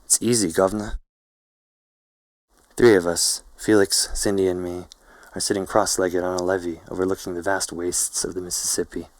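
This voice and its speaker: A man narrating a novel in first person, in a slow, hazy, poetic way. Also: sits low, little pitch movement, no echo, rough recording.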